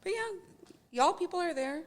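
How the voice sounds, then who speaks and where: A woman's voice: very high-pitched, lively intonation, moderate pace. A young woman from Texas and Louisiana, a guest comedian chatting on a podcast with dry, sardonic humor. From Texas and Louisiana, USA. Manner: dry, sardonic jokes with mock voices. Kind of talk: casual podcast chat.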